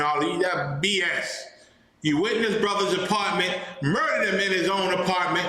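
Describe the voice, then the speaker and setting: A man with a high, bright voice gives fiery commentary and hammers his points again and again. He sounds indignant and emphatic. The recording rings in a very echoey room over a faint hiss. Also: normal speed. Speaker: host and teacher. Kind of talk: heated commentary.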